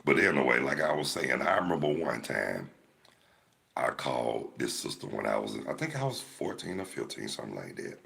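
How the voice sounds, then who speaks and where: Rambling through casual stories for his live chat, an older livestream host from Georgia, US, keeps an easygoing manner. His bass voice is sing-song, creaky and sharp, at a moderate pace.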